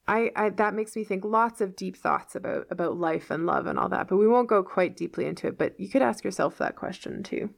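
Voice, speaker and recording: A woman's voice: mid-range voice, a little fast, gravelly, hardly any pauses. A woman teaching English, patiently explaining old words from a novel step by step and checking in with the listener.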